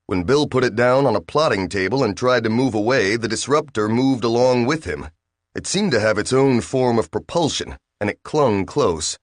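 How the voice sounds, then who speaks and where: Male audiobook narrator, low, steady read, dry close sound. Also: no room sound. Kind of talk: scripted narration.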